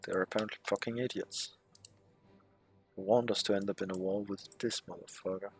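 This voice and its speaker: Husky low-voiced man playing a strategy game. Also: fairly even intonation, fairly quick. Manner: reads game text aloud, muttering asides and swearing. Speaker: strategy game let's player. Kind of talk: casual gameplay commentary.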